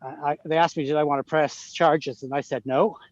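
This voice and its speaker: A man's voice: a little high, fairly even intonation, a little fast, no echo. Chatty Irish man on a muffled call. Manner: chatty, laughs easily, talks to his dog while walking. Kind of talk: casual chat. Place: outdoors walking a dog.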